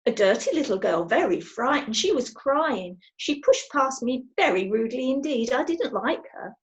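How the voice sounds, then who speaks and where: A fussy, complaining goblin, played by a woman reading aloud, with a high, animated voice. He grumbles about being scolded and about rude children. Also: moderate pace, lightly acted. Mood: disapproving. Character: grumpy, timid male goblin.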